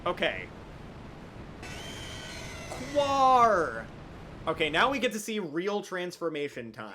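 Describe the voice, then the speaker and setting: A man's voice: high-pitched, big pitch swings, takes it slowly, pushed and bright, slight background noise. A man giving casual, joking commentary while streaming a game, laughing often.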